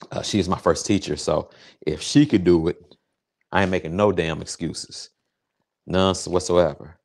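Male home-cook host with a deep voice, loose and jokey, swears freely, hypes up viewers while cooking. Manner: excitable, crude, jokey, chats directly to viewers. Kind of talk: casual cooking livestream talk.

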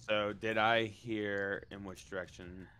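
A man's voice: on the low side, steady tone, unhurried, sharp tone, clean tone. A man playing in a live tabletop game, bantering in a slangy, laid-back way. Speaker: player. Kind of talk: casual tabletop game play.

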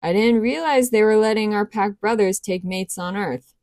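A woman's voice: medium pitch, moderate pace, a little mellow, no echo, clean studio sound, pitched above the performer's own voice, natural voice. A woman voicing a mocking, predatory male wolf-soldier leader. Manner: sneering, mocking.

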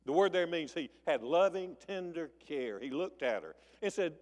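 A pastor preaches a sermon in a church sanctuary at a moderate pace, barely pausing, his voice lively and a little mellow, with a long reverb tail. He tells the story in a folksy way, acting out the characters' voices with big swings in pitch and volume.

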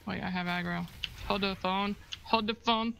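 A woman's voice: medium pitch, fairly even intonation, moderate pace, creaky, noisy background. A woman live streamer chatting while she plays, stumbling over words and swearing when flustered, cold in her room. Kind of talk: casual chat while gaming.

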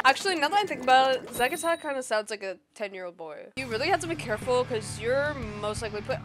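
A woman giving gameplay commentary, excitable and playful, bursting into mock-angry outbursts. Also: high voice, a little fast. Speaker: gamer. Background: game music.

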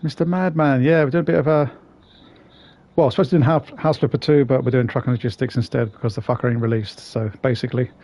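A man's voice: mid-range voice, fairly even intonation, fast, dark tone. A man streaming a game, chatting casually with viewers, swearing and greeting them by name. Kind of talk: casual live-stream chat.

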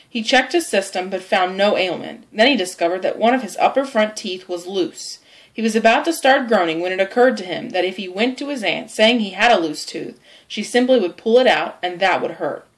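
A woman narrating a storybook chapter in a clear, measured, expressive reading. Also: medium pitch. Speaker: audiobook narrator.

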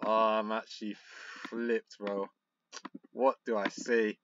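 A young man commentating on a football management game, frustrated and excitable, muttering one moment and shouting the next. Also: on the low side, takes it slowly, muffled recording. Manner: frustrated, excitable, swings between muttering and outbursts. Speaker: gaming YouTuber.

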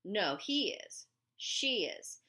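Audiobook: woman voicing a gruff, suspicious male officer, loud and barking. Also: mid-range voice, very animated, very slow, exaggerated voice. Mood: stern. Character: stern bossy male small-town police officer.

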